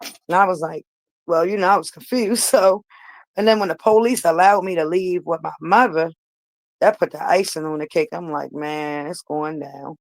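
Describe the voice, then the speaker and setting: A woman's voice: lowish voice, moderate pace, dry recording, rough recording. A woman vlogger telling a personal story straight to her viewers, emphatic and repeating herself for weight.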